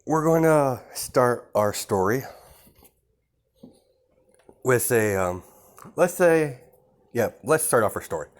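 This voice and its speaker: A man's voice: mid-range voice, expressive, slow, long pauses. A man casually telling a made-up fan story, rambling with many fillers. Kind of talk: casual improvised narration.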